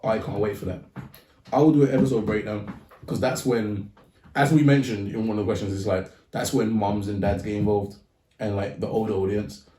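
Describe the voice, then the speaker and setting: Low, warm male co-host, off-mic, roomy sound. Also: fairly even intonation, brisk, recorded from a distance. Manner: reacts and questions, then gives opinions. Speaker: podcast co-host. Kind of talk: casual chat. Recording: roomy echo, a bit off-mic.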